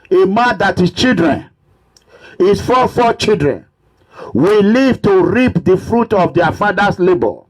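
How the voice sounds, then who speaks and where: A man with a Nigerian accent giving an impassioned political monologue, preachy and repetitive, at times breaking into shouts. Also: high-pitched. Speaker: political commentator.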